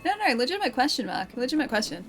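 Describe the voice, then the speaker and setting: Young Aussie woman, chatty game streamer, laughs easily, clear game music behind her. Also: high-pitched, big pitch swings, rapid-fire, a bit bright. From Australia. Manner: chatty, giggly, answers viewer chat. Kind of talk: casual live-stream chat while playing. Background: game music clearly audible.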